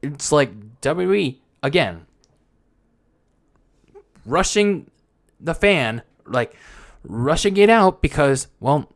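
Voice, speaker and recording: A man's voice: fairly high pitch, sing-song, takes it slowly, pauses often. A young man hosting a wrestling podcast alone, talking casually in a frustrated, rambling way with many restarts and fillers. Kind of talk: casual solo commentary.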